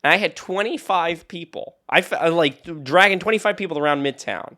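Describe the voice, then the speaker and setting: A man's voice: a little high, brisk, sharp tone. A young man, a podcast co-host, telling stories in casual chat, rambling with many restarts and frequent laughter. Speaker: podcast co-host and tour guide.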